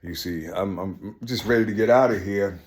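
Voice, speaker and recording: Husky middle-aged man, profane rambling vlog monologue, loud brags sliding into low mutters. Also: normal speed. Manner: profane, repetitive, swings from loud boasting to low mumbling. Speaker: vlogger. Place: outdoors among trees.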